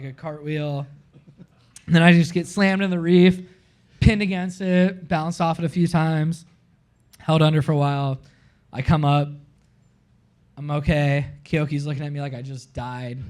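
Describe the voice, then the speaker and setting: Casting note: man from Florida, somewhat higher voice, animated live-podcast storyteller, says "like" constantly. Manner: animated, heavy use of "like", acts out his own quotes. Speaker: podcast guest.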